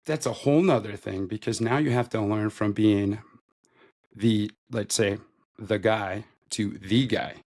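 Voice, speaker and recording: A man in his thirties with a low voice and a gravelly, creaky edge. He talks as a guest on a podcast, telling his own story in a loose, rambling way and leaning on "like" as he goes. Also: fairly even intonation, a little slow, darkish tone. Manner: loose and conversational, heavy use of "like". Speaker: podcast guest, retail store manager. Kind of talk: casual interview storytelling.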